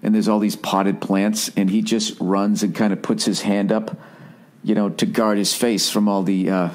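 A man hosting a podcast, ranting in a casual comedic way, profane and quick to mimic voices. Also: lowish voice. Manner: profane, animated, mimics voices mid-story. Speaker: podcast host.

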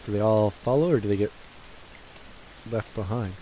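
Young man, gaming commentary, low voice, swears a lot, faint hiss behind. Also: normal speed, warm tone, poor audio. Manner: profane, joking, talks to the game characters. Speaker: let's play gamer. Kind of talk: casual game commentary. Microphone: gaming headset.

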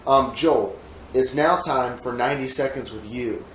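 A man's voice: mid-range voice, unhurried, a little hiss or hum. A man hosting a podcast, moving the segments along with a playful, laughing manner. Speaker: podcast host. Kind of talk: casual chat. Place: room with friends. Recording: roomy room with group laughter.

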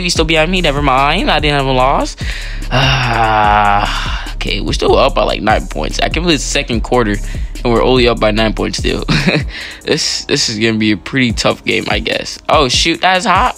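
A man giving excitable, slangy live commentary while playing an online football game, pleading with his teammates. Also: medium pitch, normal speed, gravelly, faint music behind. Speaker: gaming channel host.

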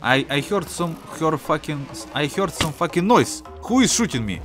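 A man with a Russian accent giving excitable, profane gameplay commentary. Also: on the high side, normal speed, few pauses. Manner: excitable, profane trash talk. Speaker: gaming YouTuber. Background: game music.

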